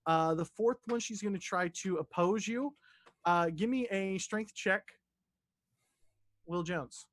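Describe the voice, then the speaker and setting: A man acting as dungeon master, narrating a tabletop game in a loose, halting way, with restarts and the odd curse. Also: high-pitched, no echo.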